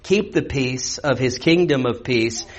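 Unhurried yet animated, a pastor with a medium-pitched voice works through scripture verse by verse in an expository sermon. His teaching feels conversational, and he poses rhetorical questions to his listeners.

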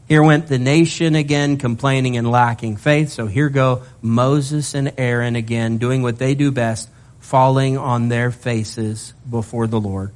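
A male pastor preaching a sermon in an animated way, mixing scripture reading with humorous asides. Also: medium pitch, unhurried.

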